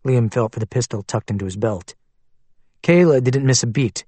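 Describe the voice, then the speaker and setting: A man narrating a thriller audiobook in a steady, even storytelling manner. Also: mid-range voice, normal speed, no room sound.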